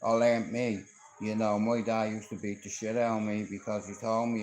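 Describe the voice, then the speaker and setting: A man's voice: on the low side, level tone, moderate pace, darkish tone, reverberant, poor audio. A man from Ireland with a Dublin accent, talking on a livestream in a rambling, profane, confrontational way as he tells stories from his life. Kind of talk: rambling live-stream monologue.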